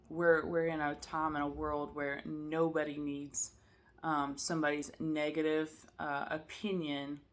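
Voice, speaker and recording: A tired woman who vlogs about cross-stitch chats casually to camera at home, rambling with lots of fillers and asides. Her voice sits low with a fairly bright tone.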